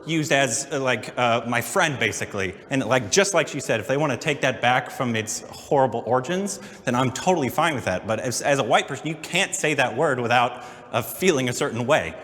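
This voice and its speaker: A man's voice: mid-range voice, lively intonation, a little fast, hardly any pauses, fairly bright tone. A man searches for his words as he speaks in a casual panel discussion. His voice carries a long room reverb. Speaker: panel participant. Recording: roomy reverb.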